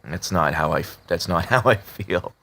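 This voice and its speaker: A man talking casually to his subscribers, halting with many fillers and restarts, in a flat tone that can sound annoyed. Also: sits low. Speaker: video creator talking to subscribers. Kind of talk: casual confessional talk to camera.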